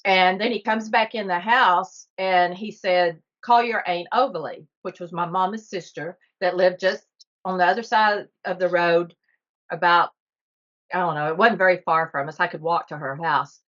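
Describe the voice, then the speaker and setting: A woman's voice: lowish voice, fairly even intonation, moderate pace, fairly bright tone. Middle-aged texas woman spinning a story, earnest and vivid, slightly muffled audio. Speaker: guest. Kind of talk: storytelling in a podcast interview.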